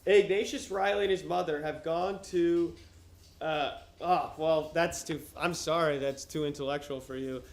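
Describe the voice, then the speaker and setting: The voice sits on the high side with fairly even intonation and an unhurried delivery. Wearing headphones at home with his dog nearby, a man jokes and swears casually on a livestream while reading a novel aloud, with a roomy echo around him.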